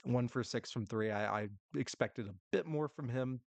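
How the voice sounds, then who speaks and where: Young male podcast host, gravelly voice, dry close sound, rambling and self-interrupting. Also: medium pitch, normal speed, no echo. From United States. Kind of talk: solo casual sports talk.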